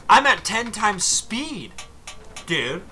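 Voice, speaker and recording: A bright, high-pitched young man talks over his game footage in a casual, animated way, his voice leaping around as he gets worked up. Faint music runs underneath. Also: drawn-out words. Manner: excitable, exasperated, swears casually. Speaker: gaming commentator. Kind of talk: casual gameplay commentary.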